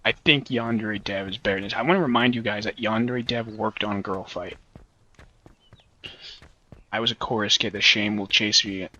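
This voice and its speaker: A man's voice: fairly low pitch, normal speed, pauses often, sharp tone, dull audio. A man hosting a let's play, rambling, joking and swearing as casual gameplay commentary.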